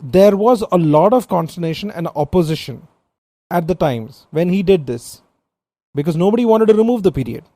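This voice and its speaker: A man co-hosting a trivia podcast in casual chat, playful and animated as he tells stories. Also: high-pitched, normal speed, no echo. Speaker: podcast co-host.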